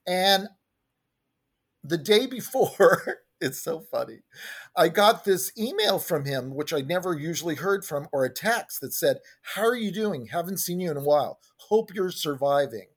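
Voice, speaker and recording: A man's voice: fairly high pitch, lively intonation, measured pace, breathy edge. A man giving a candid personal testimony at a recovery support meeting, talking conversationally and acting out the people he quotes. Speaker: recovery group speaker sharing.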